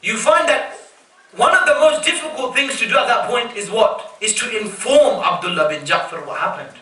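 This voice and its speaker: A man's voice: extremely high pitch, animated, normal speed, bright, forceful tone. A man from the United Kingdom giving an emotive mourning sermon, addressing the crowd as brothers and sisters in a mosque hall. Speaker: religious reciter. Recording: echoey hall, distant mic, faint noise.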